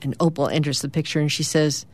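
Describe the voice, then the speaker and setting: A middle-aged woman with a somewhat low voice hosts a morning radio segment, walking listeners through the day's comic strips. She tells each strip like a lively little story and lifts her voice when the characters speak. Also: fast talker. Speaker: radio host.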